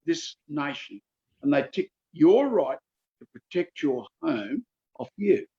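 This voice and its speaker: A man in his seventies with a Queensland Australian accent, answering interview questions in a folksy, emphatic way and repeating figures slowly for effect. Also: fairly high pitch, very animated, dark tone, muffled recording. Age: 70s. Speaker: politician guest.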